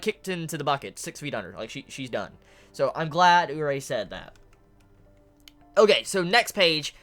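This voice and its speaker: Casual comic reviewer, mid-pitched voice, excitable and profane, acts out quotes, faint music bed. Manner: excitable, swears freely, acts out quoted lines. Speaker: manga reviewer. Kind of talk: casual video commentary.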